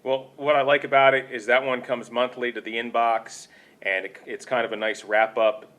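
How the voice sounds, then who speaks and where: A man's voice: fairly low pitch, fairly bright tone. Guy hosting a podcast, joking around, chatty, lots of ums. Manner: joking, chatty, many fillers. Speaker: podcast host. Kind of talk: casual chat.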